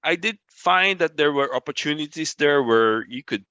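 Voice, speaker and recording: Animated man with a bright voice. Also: on the high side, moderate pace, smooth, no echo, dull audio. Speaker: meeting participant giving feedback. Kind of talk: casual spoken feedback.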